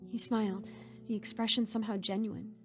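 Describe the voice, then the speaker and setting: A woman narrating a horror story in a hushed, shaken first-person telling. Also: mid-range voice, little pitch movement, brisk, music in the background.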